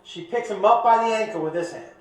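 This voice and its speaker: A stand-up comedian telling a long story on stage, animated and shouting his punchlines over the laughter. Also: high voice, quick pace. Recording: echoey comedy club from the stage.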